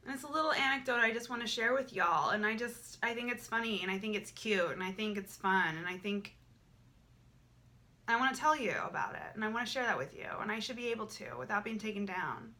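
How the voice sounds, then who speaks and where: A woman's voice: on the high side, fairly quick, pushed and bright. A young woman talking candidly to camera in a vlog, emotional and repetitive, swearing freely. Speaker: vlogger.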